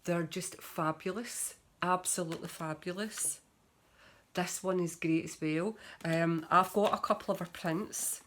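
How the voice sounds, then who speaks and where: A woman's voice: fairly low pitch, steady tone, measured pace, a bit bright, a little hiss or hum. A woman, a tarot reader chatting casually on camera, gushing about her cards, with frequent fillers. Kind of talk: casual show-and-tell vlog.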